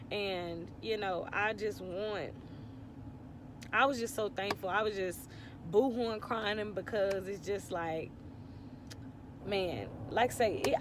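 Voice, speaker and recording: A woman's voice: medium pitch, background noise. Teary woman sharing faith on camera. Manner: heartfelt, tearful, rambling with many fillers. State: teary, on the verge of crying. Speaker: vlogger. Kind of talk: emotional faith testimony to viewers.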